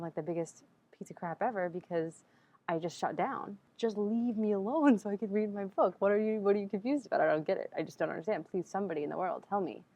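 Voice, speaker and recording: A woman's voice: lowish voice, a little mellow, rough recording. A young woman vlogging in a casual, rambling way, chatty and exasperated, acting out quoted exchanges. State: sleepy at first, speaking quietly in public. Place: empty library vestibule, indoors.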